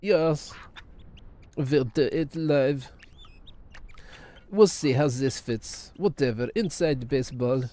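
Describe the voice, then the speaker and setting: A man's voice: mid-range voice, slow, pauses often, warm tone, lightly acted. A man putting on the voice of a snarky, cynical character who mocks everyone and talks bluntly. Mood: grumbling. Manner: blunt, sneering, grumbling.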